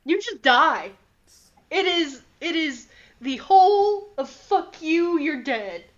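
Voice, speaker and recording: Woman doing a panicked, sobbing scruffy man, high and loud, muffled lo-fi take. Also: animated, slow pace. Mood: shaken, indignant. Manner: sobbing, hyperventilating, pleading. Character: terrified one-handed scruffy man, panicky.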